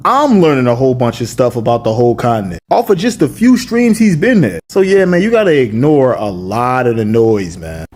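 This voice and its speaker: A man's voice: medium pitch, expressive, brisk, few pauses, a little mellow. A man giving casual, earnest reaction commentary in slangy talk.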